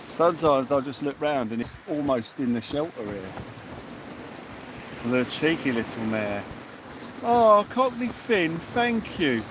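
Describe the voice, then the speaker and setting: A man live-streaming his night beach fishing, chatting casually and thanking viewers as he watches his rods. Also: on the high side. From England. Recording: noisy outdoor beach recording.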